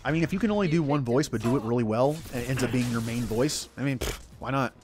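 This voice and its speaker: A man's voice: medium pitch, quick pace, background noise. A man chatting casually over gameplay, rambling and poking fun at himself. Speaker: gaming streamer. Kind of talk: casual let's-play commentary.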